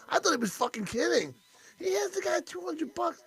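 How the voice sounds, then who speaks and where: A man's voice: very high voice, sing-song, a little fast, fairly bright tone. A middle-aged man co-hosting a talk show, telling a crude story with lots of laughter. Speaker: radio show co-host. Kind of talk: crude casual banter.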